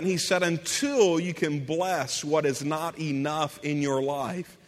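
A man's voice: high-pitched, fairly bright tone. A man preaching a sermon as pastor, calling out to his congregation as he builds with passion. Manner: impassioned preaching with call-outs to the congregation. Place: church sanctuary. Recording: long hall reverb.

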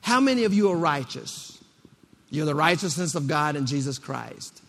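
A man's voice: on the high side, sing-song, moderate pace, vocal fry, a bit bright. A man preaching a rousing sermon to a congregation, repeating phrases and calling for responses. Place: church. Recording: long reverb of a church hall.

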